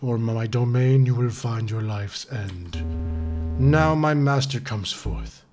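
A man voicing a menacing male demon guardian from a video game, reading its lines in a slow, solemn, threatening way. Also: medium pitch, a little mellow, voice pushed down, natural voice.

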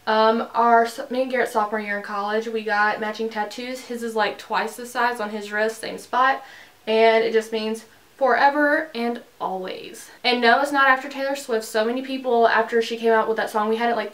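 A woman's voice: a little high, fairly even intonation, normal speed. A young woman chatting casually to camera in a bubbly, rambling way, full of fillers, filming a tag video at home. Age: young adult. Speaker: beauty vlogger. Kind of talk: casual chat. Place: bedroom in her house.

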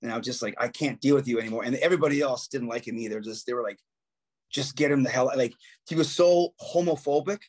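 A man's voice: medium pitch, quick pace, darkish tone. A man, a musician guest on a podcast, telling profane stories in casual chat and acting out quotes with laughs. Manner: profane storytelling, acts out quotes, laughs often.

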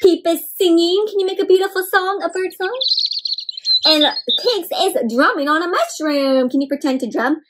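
A woman reading a picture book aloud to young children in an animated way, often stopping to ask them questions. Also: very high-pitched, moderate pace, soft background music. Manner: animated, asks the listeners questions, gasps. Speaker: storyteller for children. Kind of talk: interactive read-aloud for kids.

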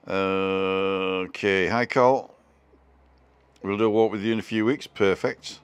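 Guy with a really low voice, chatty live stream from home, pokes fun at himself. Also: level tone, measured pace, clean tone. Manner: chatty and self-deprecating, reading out viewer comments. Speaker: vlogger hosting a live stream. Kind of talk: casual live-stream chat.

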